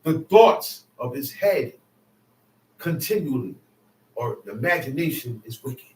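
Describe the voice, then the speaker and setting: A man's voice: mid-range voice, big pitch swings, unhurried, slight background noise. A man preaching in a roomy hall. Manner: conversational, rising to shouts for emphasis. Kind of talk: sermon. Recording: roomy, mic at a distance.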